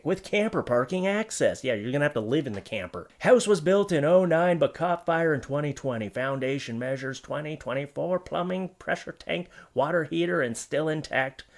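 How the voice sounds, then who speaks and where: A man giving joking, sarcastic commentary on odd items from online listings, as the host of his comedy channel. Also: mid-range voice. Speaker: comedy YouTuber.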